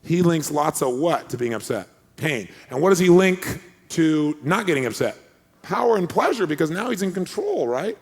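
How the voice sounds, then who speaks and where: A man with a raspy, gravelly voice tells a story to an audience, swinging his pitch widely as he goes. He sounds energetic and acts out the lines of the people in his story. The recording carries the long reverb of a large hall. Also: moderate pace. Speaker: motivational speaker. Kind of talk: animated motivational talk with acted-out quotes.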